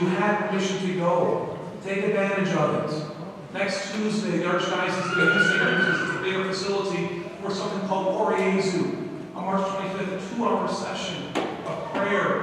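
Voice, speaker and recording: A male priest with a fairly high voice gives an earnest sermon, mixing exhortation with a personal story. His voice carries a long reverb from a large church space. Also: a little hiss or hum.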